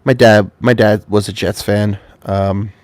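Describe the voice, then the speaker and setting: A man's voice: on the low side, fairly even intonation, measured pace, a little mellow, dry recording. A man telling a rambling, profane story to camera at home, getting over a cold. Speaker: vlogger.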